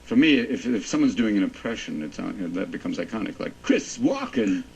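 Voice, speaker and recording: A man's voice: fairly low pitch, expressive, fast talker, creaky, husky. Playful rambly guy, voice all over the place, muffled lo-fi with noise. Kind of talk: casual chat. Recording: dull lo-fi sound with background noise.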